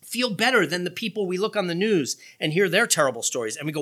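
A male preacher delivering a sermon with a bright, forward voice. His delivery swings widely in pitch, and he leans hard into sarcastic lines and throws in quick remarks to the congregation. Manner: animated, sarcastic emphasis, quick asides to the congregation. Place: church.

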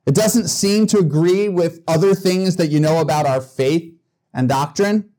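A man's voice: fairly high pitch, mellow. A man preaching as a guest in a church, in a conversational, joking way with small restarts. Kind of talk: sermon.

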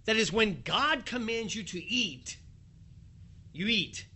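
A man preaching a sermon, telling the story in a lively way with a chuckle here and there. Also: sits high, slow, breathy edge.

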